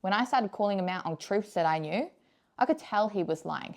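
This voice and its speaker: A woman's voice: mid-range voice, lively intonation, brisk, darkish tone. A young woman giving frank, casual advice to camera, blunt and emphatic, swearing freely and repeating her key points. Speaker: vlogger.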